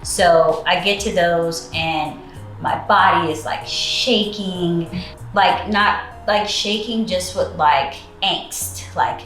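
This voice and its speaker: A woman telling a personal story in casual chat, relaxed and full of fillers. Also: lowish voice, slow pace, roomy sound, soft background music. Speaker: co-host.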